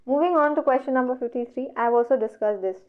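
A woman's voice: high voice, fast. A woman with an Indian English accent teaching an online exam revision lecture, working through questions step by step and asking herself questions that she then answers. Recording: dull lo-fi audio.

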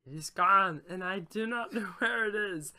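A man voicing a talking male salamander on a quest for his lost tail, in a gurgly, fishy tone with slow, solemn storybook phrasing. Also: sits high, bright, forceful tone, voice pushed up. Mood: mock solemn.

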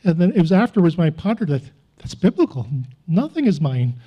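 A man's voice: high voice, very animated, a little fast, breathy edge, highs cut off. A man preaching a sermon as a pastor, telling a personal testimony in an earnest, confessional way with self-mocking chuckles.

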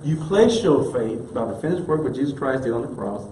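This minister's mid-range voice is warm and sing-song, moving a little fast as he preaches with emphatic, casual colloquialism and repeats key phrases for effect. The room is echoey, with faint noise in the background.

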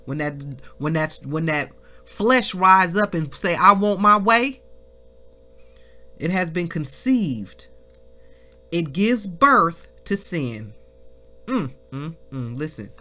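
A woman leading a devotional Bible lesson, reading scripture slowly and breaking into shouts of praise. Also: deep voice, animated, faint music behind. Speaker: minister.

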